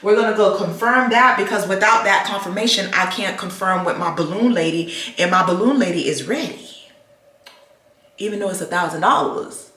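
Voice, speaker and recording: Bright-voiced chatty woman vlogger. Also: mid-range voice, normal speed, husky. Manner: animated and chatty, calls listeners "baby" and "child". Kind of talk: casual chat to camera.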